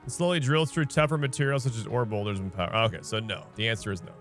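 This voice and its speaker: A man's voice: mid-range voice, fast talker, fairly bright tone, soft background music. A man streaming a video game, chatting casually and thinking aloud while he plays, often firing off questions. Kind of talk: casual let's-play commentary.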